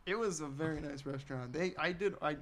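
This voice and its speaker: A man's voice: fairly high pitch, brisk. A young man co-hosting a comedy podcast, telling a rambling, self-mocking story with frequent laughs. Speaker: podcast co-host. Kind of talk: casual storytelling chat. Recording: podcast with loud group laughter behind.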